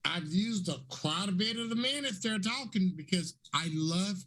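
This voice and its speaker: A raspy man in his fifties speaks on a panel in a fairly high voice. He is effusive and preachy and repeats his phrases for emphasis. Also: expressive, normal speed, a bit bright. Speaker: panelist and talk show host. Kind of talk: casual panel talk.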